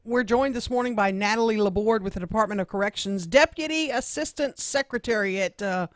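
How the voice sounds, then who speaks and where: A woman's voice: mid-range voice, fairly quick, no room sound. A woman hosting a radio talk show, asking direct, pressing questions. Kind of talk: radio interview.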